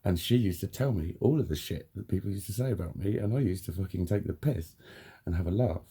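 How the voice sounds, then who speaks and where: A man's voice: sits low, brisk, dark tone, slightly rough. A man in a heated, blunt personal rant, swearing constantly as he tells his story to camera. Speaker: vlogger.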